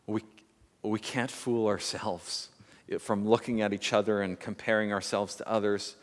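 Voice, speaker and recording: A man preaching a sermon as pastor, reflective and measured, telling a story with pauses. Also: lowish voice, little pitch movement, in a large hall.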